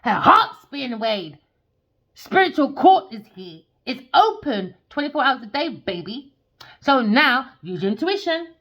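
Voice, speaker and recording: A woman's voice: big pitch swings, unhurried. Furious woman reading tarot cards. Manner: swearing, confrontational, sharp shifts between loud outbursts and low muttering. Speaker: tarot reader. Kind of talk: angry tarot rant.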